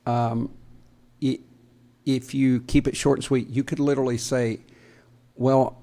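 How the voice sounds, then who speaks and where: A gravelly-voiced man with a Southern American accent, speaking at an ordinary middle pitch. He co-hosts a podcast in a loose, joking way and laughs easily. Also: flat delivery, unhurried, mellow. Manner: joking, laughs often, restarts sentences. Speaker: podcast co-host. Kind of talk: casual podcast chat.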